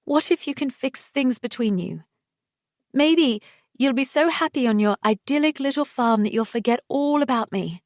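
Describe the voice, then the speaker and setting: A woman's voice: moderate pace, a little mellow, dry recording, studio quality. Maya, a furious heartbroken woman, read by a woman narrator. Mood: angry. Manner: emotional, raised and higher than the narration.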